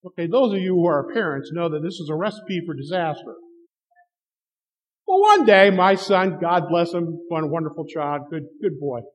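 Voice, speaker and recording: A man's voice: a little high, sing-song, normal speed. A middle-aged man preaching a sermon, telling stories and acting out the dialogue with chuckles. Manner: storytelling with acted-out dialogue and chuckles. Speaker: pastor. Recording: long hall reverb.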